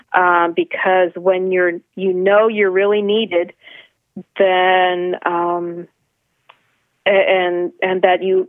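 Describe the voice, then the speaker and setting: A woman author speaks earnestly as a podcast guest, restarting often and filling pauses. Her voice comes over a tinny, narrow phone line. The sound is dry and close. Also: fairly low pitch, no room sound. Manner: earnest, many restarts and fillers. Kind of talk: phone-in interview.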